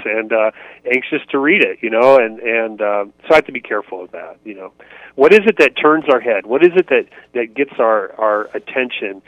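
A man's voice: mid-range voice, no echo. Man from indiana, ministry author, earnest and reflective, lots of restarts, phone-line sound. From United States, Indiana. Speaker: author and ministry leader, guest. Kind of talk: conversational interview answers. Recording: tinny phone line, dry.

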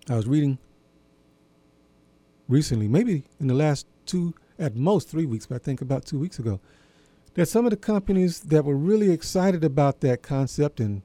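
A man with a fairly high but very dark, mellow voice, talking in a slow, folksy monologue. He stops to pose questions straight to his listeners. The sound is dry and close. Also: no echo. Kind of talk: reflective monologue.

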